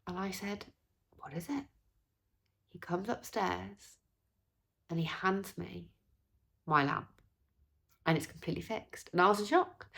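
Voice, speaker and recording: A woman's voice: fairly low pitch, unhurried, creaky, pauses often. A young woman from England telling a story in a chatty vlog, acting out what people said. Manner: chatty, animated, acts out quoted voices. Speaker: vlogger. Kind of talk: casual storytelling.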